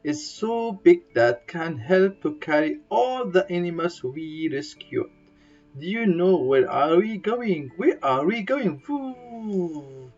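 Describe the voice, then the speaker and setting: This bedtime read-aloud comes from a slow, playful woman whose voice is sing-song and a little mellow. She uses simple, broken English, throwing in high squeals and playful sound effects for characters, over faint guitar in dull lo-fi sound.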